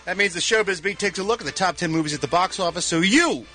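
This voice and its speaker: A man's voice: high-pitched, fast, bright, forceful tone, soft background music. A man reading showbiz news on a morning radio show, wry and sarcastic, with punchy lines and mumbled asides.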